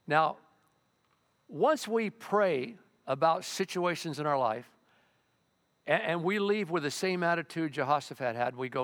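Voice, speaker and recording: Impassioned older pastor in a hall. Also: male voice, a little high, animated, measured pace, pauses often, a bit bright. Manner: impassioned, repeats words, acts out prayers. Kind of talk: sermon. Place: church sanctuary. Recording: long church hall reverb.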